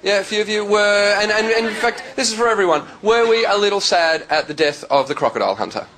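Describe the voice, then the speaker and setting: An Australian man doing stand-up comedy on a club stage, telling stories with quick character voices. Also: high voice. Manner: lively storytelling, slipping into quick character voices. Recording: live club recording with loud crowd. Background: loud audience laughter.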